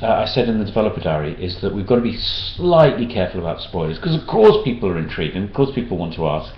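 A man's voice: low voice, sing-song, fast talker. A man answering backer questions in a casual chat, hesitant, with many restarts. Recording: roomy dull-sounding room recording.

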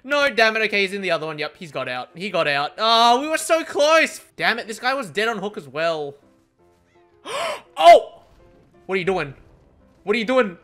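Excitable gamer, lively bright voice. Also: male voice, high voice, brisk, faint music behind. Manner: excitable, swearing, laughing often. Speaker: gaming streamer. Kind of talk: live gameplay commentary.

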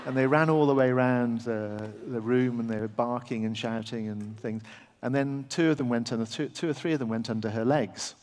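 A middle-aged English surgeon telling a halting, self-deprecating story on a festival stage, full of fillers and restarts. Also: male voice, mid-range voice, fairly even intonation, darkish tone. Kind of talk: live anecdote at a festival talk. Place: large festival venue with audience. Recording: long hall reverb from a big venue.

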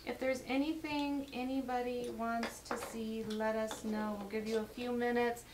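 Woman, live sale host, chatty, upbeat, slightly hoarse, higher pitch, distant mic, faint noise. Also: little pitch movement, normal speed. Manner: chatty, upbeat, reads lot numbers and prices. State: losing her voice. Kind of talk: live jewelry sale chat.

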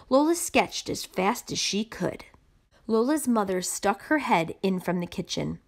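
Expressive woman reading a picture book. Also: medium pitch, unhurried. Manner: expressive, animated narration. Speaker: storybook reader. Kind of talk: picture book read-aloud.

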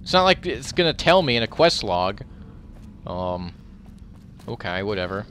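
A man giving let's play commentary over his gameplay. He reacts loudly and profanely, talks back at the enemies and mutters while he loots. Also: fairly low pitch, normal speed, slight background noise. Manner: excitable, profane, talks to the game as he plays. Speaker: gaming commentator.

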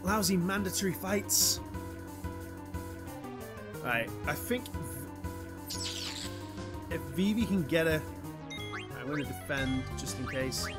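Excitable man commentating a video game. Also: on the high side, slow, long pauses. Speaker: gaming YouTuber. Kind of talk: excitable let's-play commentary. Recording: game music behind.

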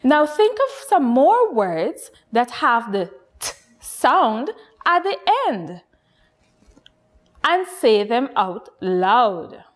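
A woman from Guyana teaching a nursery phonics lesson, speaking slowly and encouragingly to young children. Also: fairly high pitch, sing-song. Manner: slow, lilting, encouraging teacher voice addressing children.

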